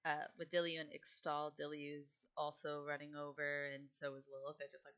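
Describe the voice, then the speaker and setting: A woman's voice: deep voice, monotone, normal speed, fairly bright tone, smooth, highs cut off. A woman narrating as game master in a tabletop game.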